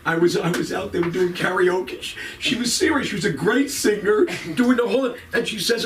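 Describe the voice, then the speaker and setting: A man's voice: sits high, expressive, moderate pace, hardly any pauses, recorded from a distance, slight background noise. A man doing crowd-work stand-up on a club stage, rambling and profane as he teases people in the audience. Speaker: stand-up comedian.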